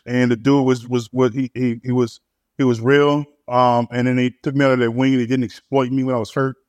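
In a muffled recording, a man who is a pastor and church planter casually tells his story at a brisk pace, his delivery flat and a little mellow. He stumbles on repeated words and fills gaps with fillers, his ordinary mid-pitched voice close and dry, free of room echo.

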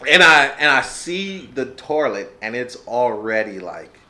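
A man in casual chat, telling a profane, animated story and acting out his own quotes. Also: mid-range voice, a little slow.

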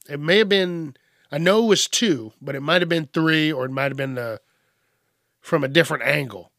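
On a podcast, a male host delivers a crude comedic rant full of swearing, mocking people and acting out whiny voices. His voice is a little high and a bit bright, captured as a dry, clean studio recording.

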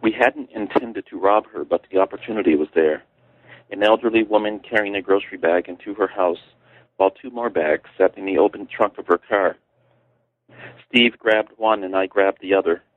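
Low-voiced man reading his memoir. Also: moderate pace, no echo. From Chicago. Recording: tinny phone-line radio audio.

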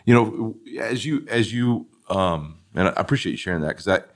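A man's voice: on the low side, lively intonation, normal speed. A man hosting a podcast in a studio, chatting casually with his guest and filling the gaps with brief encouraging affirmations. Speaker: podcast host. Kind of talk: interviewing, casual chat.

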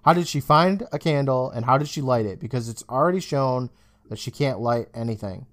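Speaking fairly quickly in a medium-pitched voice, this podcast co-host gives a casual, animated recap of a TV episode. He curses frequently and performs the characters' quoted lines.

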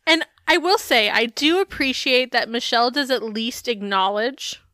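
A woman co-hosting a podcast, recapping a TV show in casual, sarcastic chat full of swearing and lively storytelling. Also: fairly high pitch, normal speed, dry recording, studio quality. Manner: profane, sarcastic, animated storytelling. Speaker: podcast co-host.

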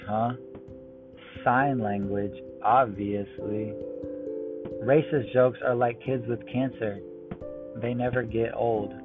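A man rattles off one-liners in a flat, deadpan way at a middle pitch. His voice comes through thin and phone-like, with music playing clearly behind him. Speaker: joke teller. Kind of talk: reading one-liner jokes.

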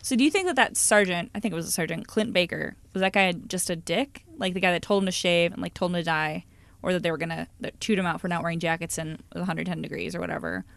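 A woman with a lowish voice talks quickly on a casual podcast, her speech gravelly with fry. She chats in a loose, filler-heavy way. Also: fairly bright tone, no echo. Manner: chatty, rapid, full of "like". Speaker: podcast co-host. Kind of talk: casual chat.

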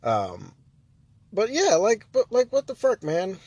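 Casual American male ranter, slightly high voice, rambling and exasperated, dry close recording. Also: huge pitch swings, slow, a little mellow, breathy edge, dry recording. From United States. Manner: rambling, frequent restarts and fillers, exasperated. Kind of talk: casual opinion rant.

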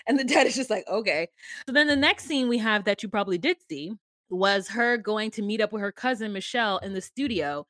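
A woman's voice: medium pitch, lively intonation, brisk, a bit bright, dry recording, clean studio sound. A woman co-hosting a podcast, casually recapping a reality show with sarcastic, profane commentary and acted-out quotes. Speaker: podcast co-host.

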